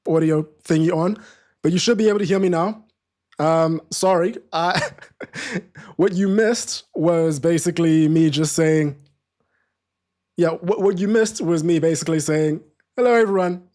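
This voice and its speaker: Guy streaming a football watchalong, kinda high voice, rambly and self-deprecating, lots of ums. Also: measured pace, long pauses, a little mellow. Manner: rambling, self-deprecating, frequent restarts and fillers. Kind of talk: casual live-stream chat.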